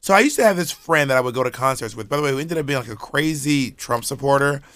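A man co-hosting a podcast in casual chat, his pitch swinging widely as he talks. The sound is dry and close, with no room echo. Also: expressive, fast talker, a bit bright. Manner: chatty, many restarts and "like" fillers.

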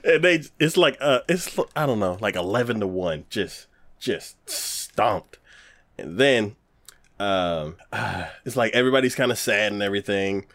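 Animated man telling a story slowly. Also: fairly low pitch, dry recording. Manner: animated storyteller, acts out characters, laughs often. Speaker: podcast co-host recapping an anime. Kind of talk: casual chat.

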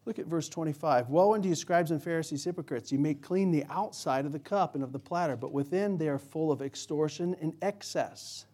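A man's voice: a little high, brisk, few pauses, warm tone. A man preaching a sermon in a conversational, joking way, asking the congregation questions. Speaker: pastor.

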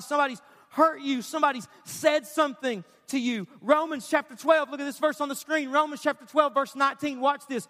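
A man's voice: extremely high pitch, a bit bright. A man preaching a sermon to a congregation, urgent and emphatic. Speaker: pastor. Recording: live hall with long reverb.

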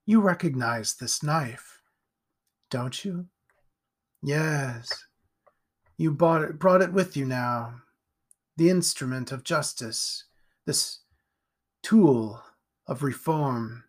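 An ancient demonic being with a slow, hushed and coaxing menace, put on by a male narrator. The voice sits fairly high and unhurried, and each word is drawn out. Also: animated. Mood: menacing.

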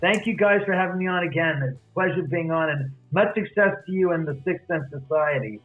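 A man tells his story over a thin, tinny phone line, his voice sitting a little high for a man. He acts out each exchange, switching between his own lines and the other person's. He is a guest author being interviewed. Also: a little fast, faint music behind. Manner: retells conversations, acting out both sides.

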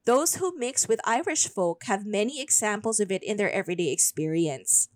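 A woman's voice: medium pitch, lively intonation, normal speed, no echo. A woman hosting a podcast, telling a folklore story in casual chat and switching into Tagalog mid-sentence. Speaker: podcast host.

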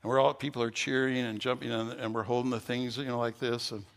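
Pastor guy preaching, gravelly voice, tells stories and gets fired up. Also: mid-range voice, fast. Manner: storytelling, growing loud and excited at the climax. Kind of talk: sermon.

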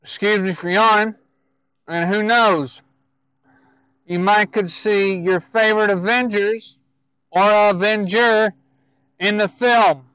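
A man giving casual movie news to viewers, speaking in a halting way with self-corrections and asides. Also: high-pitched, steady tone, bright, forceful tone, clear, resonant tone, dry recording, highs cut off.

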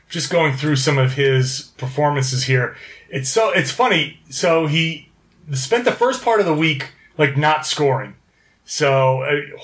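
A man's voice: fairly high pitch, fairly bright tone. A man co-hosting a casual sports podcast, running through stats and correcting himself as he goes. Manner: reads off stats, self-correcting. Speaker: podcast co-host.

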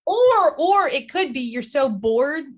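A woman's voice: sits high, very animated, slow pace. A woman co-hosting a casual podcast chat, talking in long rambling turns and acting out quotes in her stories. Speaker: podcast co-host.

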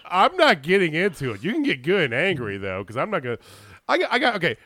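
Guy ranting on a podcast, super animated pitch, swears a lot, dry close sound. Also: fast talker, no echo. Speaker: podcast co-host. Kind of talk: casual wrestling chat.

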